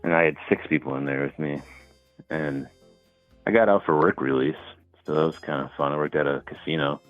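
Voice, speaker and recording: A very low-voiced man calling in over a thin, tinny phone line. He tells his stories in a laid-back, rambling way, full of "like" and "you know." The line sounds dry and close. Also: fairly even intonation, a little fast, no echo, faint music behind. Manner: laid-back storytelling with fillers. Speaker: caller. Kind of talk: casual phone call.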